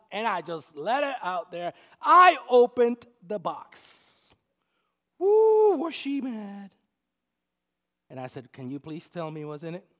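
Man, middle-aged, preacher, high-pitched, lively storytelling sermon, from Puerto Rico. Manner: animated, swings loud and soft, acts out quotes. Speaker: pastor.

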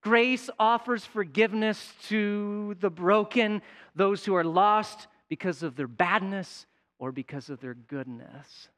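A man preaching a sermon with a high voice. He delivers it with animated energy and climbs to a shout on his most emphatic points. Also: takes it slowly. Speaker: pastor.

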